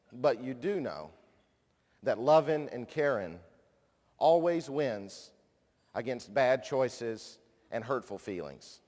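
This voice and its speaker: A man in his thirties giving a conference speech, telling a personal story with self-deprecating humor before he introduces a guest. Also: medium pitch. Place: large conference hall. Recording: long hall reverb.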